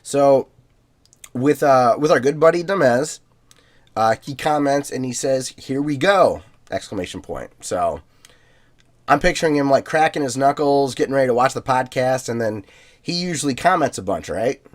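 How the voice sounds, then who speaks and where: Relaxed man chatting on a podcast. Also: medium pitch, moderate pace. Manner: relaxed, filler-heavy, laughs easily. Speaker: podcast co-host. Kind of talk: casual chat, reading listener emails.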